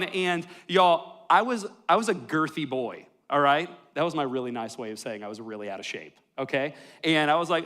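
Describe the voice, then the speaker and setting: Guy preaching, kinda high voice, cracking jokes on himself. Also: animated, a little fast, hardly any pauses, fairly bright tone. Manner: joking, self-deprecating storyteller. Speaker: pastor. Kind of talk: sermon with storytelling. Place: church worship hall.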